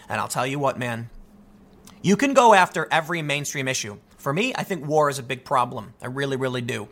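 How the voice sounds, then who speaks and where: A man giving opinionated video commentary, animated and rambling, with frequent stammered restarts. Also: mid-range voice, fairly quick. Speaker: political commentator.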